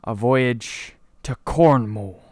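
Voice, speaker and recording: A man voicing a gruff old male pirate captain who drags out his words in a growl. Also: medium pitch, dry recording, studio quality, natural voice. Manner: drawn-out growling pirate talk.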